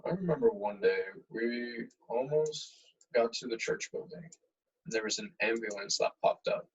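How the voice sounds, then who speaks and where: A man's voice: medium pitch, normal speed, highs cut off. A young man chatting casually and jokily about old memories. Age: young adult. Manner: laid-back, jokey, animated when retelling. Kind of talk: casual reminiscing chat.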